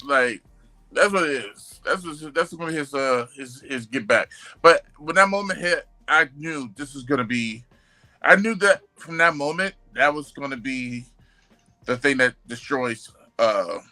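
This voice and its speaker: A young man co-hosting a podcast, talking in an animated, slangy way and repeating his phrases. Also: medium pitch, a little slow, faint music behind, rough recording. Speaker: podcast co-host. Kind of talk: casual chat.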